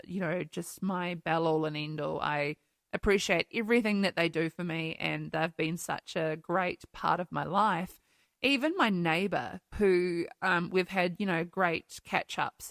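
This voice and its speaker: A woman's voice: fairly low pitch, vocal fry, fairly bright tone, dry recording. Woman, solo podcast host; open-hearted, giggly, swears freely, dry close sound. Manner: candid and emotional, laughs often, swears casually. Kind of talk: casual solo podcast chat. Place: New Zealand home.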